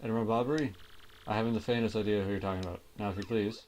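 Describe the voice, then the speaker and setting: A man's voice: lowish voice, steady tone, racing, darkish tone, slight background noise, natural voice. A man voicing an evasive, grumpy old male sailor in a video game, curt and dismissive.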